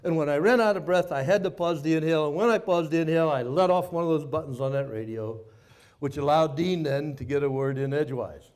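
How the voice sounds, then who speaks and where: A man's voice: on the high side, fast talker. Older man telling a vivid story. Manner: vivid, folksy, animated storyteller. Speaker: speaker, former POW. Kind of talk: dramatic personal storytelling talk.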